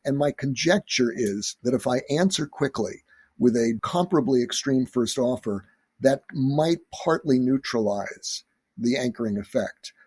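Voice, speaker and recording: A man with a somewhat husky voice explains negotiation as a guest on an interview podcast. He tells earnest stories and acts out the quotes in them. The sound is dry and close. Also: medium pitch, animated, measured pace, darkish tone, no room sound. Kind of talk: expert interview answers with stories.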